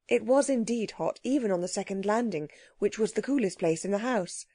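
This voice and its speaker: A woman narrating a children's audiobook in a steady storytelling manner. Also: medium pitch, normal speed, few pauses, breathy edge, no room sound, clean studio sound.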